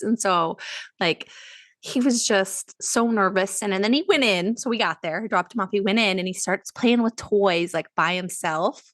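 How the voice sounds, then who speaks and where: Mom in her 30s gabbing on a podcast, laughs a lot, mid pitch, dry close mic. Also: a bit bright, dry recording. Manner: laughs often, chatty and emotional. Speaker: podcast co-host. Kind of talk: casual chat.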